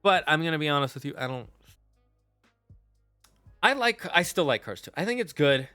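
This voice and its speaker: Opinionated young streamer guy, bright voice. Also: a little high, sing-song, moderate pace, smooth, no echo, studio quality, faint music behind. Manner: opinionated, swears while ranting. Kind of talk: casual tier-list commentary.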